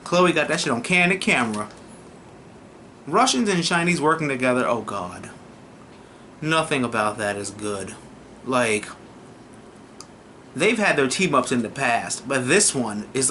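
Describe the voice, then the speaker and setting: A young man casually reviewing a TV episode, excitable and profane, often slipping into mocking voices. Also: mid-range voice, measured pace, long pauses, slight background noise. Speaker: TV review vlogger.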